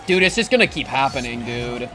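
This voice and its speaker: Excitable young man reading a visual novel. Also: mid-range voice, fairly quick, soft background music. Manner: excitable, slangy, breaks off narration to joke. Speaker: streamer.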